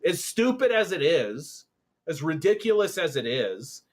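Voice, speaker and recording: A man's voice: fairly high pitch, big pitch swings, a little slow. A man from Canada hosting casual political commentary, rambling with lots of fillers and breaking into sarcastic jeers.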